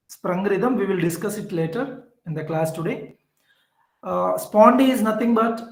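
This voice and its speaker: A man with an Indian English accent teaches an online class at a very unhurried pace. He says key points twice and fills pauses with "uh." His voice rings out in an echoey room. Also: high voice. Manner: slow, repetitive explaining with fillers.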